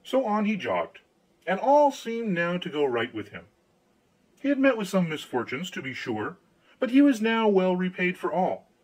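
A man reading a fairy tale audiobook aloud, expressive and storytelling in tone. His voice is slightly high for a man and swings widely in pitch. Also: moderate pace, poor audio. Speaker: audiobook narrator. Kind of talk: scripted storybook narration.

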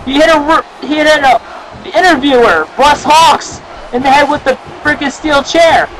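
An excitable young man with a high voice calls a wrestling match play by play, often breaking into shouted exclamations. The amateur recording is noisy, with a crowd clearly audible behind him. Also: normal speed. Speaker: wrestling commentator.

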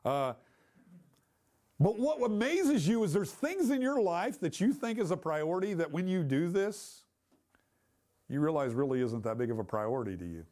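A man's voice: fairly high pitch, animated, normal speed, darkish tone. Emphatic man teaching a Bible class. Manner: conversational and emphatic, asks the class questions.

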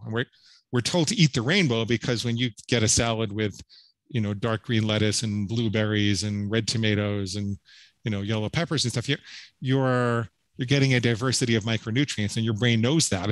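A middle-aged man speaks as a podcast guest, earnest and emphatic as he works through his story. His voice sits at an ordinary male pitch and is recorded close and dry, with no room around it. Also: fairly bright tone, no echo, poor audio. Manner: earnest, emphatic, with frequent restarts and "right?" tags. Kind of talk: storytelling interview talk.

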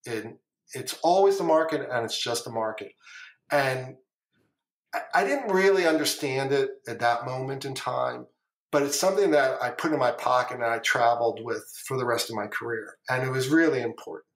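A man's voice: mid-range voice, moderate pace. A middle-aged man, a former trader, telling long stories as a podcast guest, rambling and repeating phrases, with casual swearing. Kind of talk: casual storytelling interview. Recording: echoey room.

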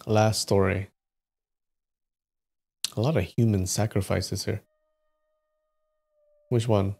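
A man's voice: fairly low pitch, steady tone, slow, gravelly, a little mellow. A man chatting casually and laughing as he wraps up a livestream of folktale readings. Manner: chatty, giggly, thinks aloud.

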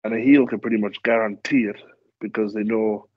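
Speaking fairly quickly in a lowish voice, this wrestler guest spins meandering stories and performs the quotes with animation. The recording is dull and lo-fi, with no room sound.

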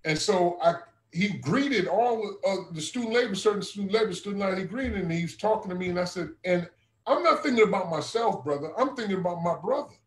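A man's voice: sits high, lively intonation, fairly quick, roomy sound, rough recording. A man who serves as a regional minister, earnestly telling a personal testimony in a conversational way and often calling his listener brother. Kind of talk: testimony storytelling.

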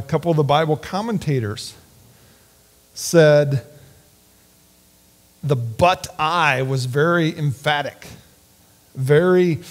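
High-voiced man preaching in a reverberant hall. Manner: earnest, halting, with frequent restarts. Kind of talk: sermon.

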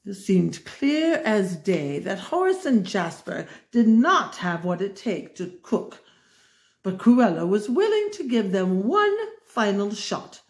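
A woman reading a storybook aloud in an expressive way, adding wry asides of her own. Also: medium pitch, takes it slowly, echoey room.

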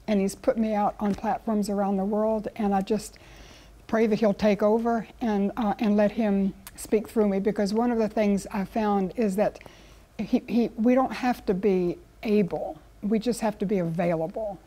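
A woman's voice: mid-range voice, steady tone, normal speed, warm tone. A woman, a guest Bible teacher speaking in an earnest, conversational teaching style. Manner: earnest, storytelling with acted quotes.

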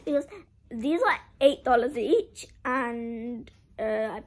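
A woman's voice: a little high, slow, rough recording. A young girl doing a casual clothing-haul vlog, chatty and full of "like", making a drama of her disappointment. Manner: chatty, heavy use of "like", dramatic about being sad. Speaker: vlogger.

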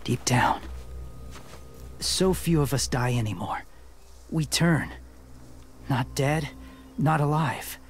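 An actor playing a calm, quiet man who lived among walkers, speaking softly and almost in a whisper. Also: fairly high pitch, slow pace, pauses often, slight background noise.

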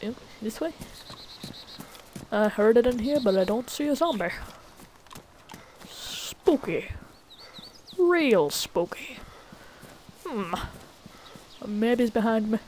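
A woman's voice: on the high side, lively intonation, moderate pace, pauses often, warm tone, slight background noise. A woman casually commenting on her own gameplay as a gaming channel host, chatty and easily startled. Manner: jumpy, swears when startled, chatty. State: recently sick.

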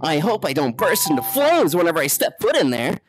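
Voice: medium pitch, sing-song, a little fast, faint music behind. A VTuber streamer in casual live chat, loose and playful, swearing freely, laughing often and thanking followers. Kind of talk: casual live-stream chat while exploring a virtual world. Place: at home, seated, streaming.

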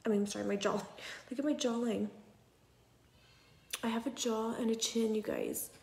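A young woman talking casually to her phone at home, chatty and often dropping to a soft near whisper. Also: on the high side, fairly even intonation, normal speed, creaky. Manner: chatty, repeats "you guys", drops to a near whisper at times. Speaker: patient sharing her recovery. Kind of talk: casual selfie vlog. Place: at home indoors.

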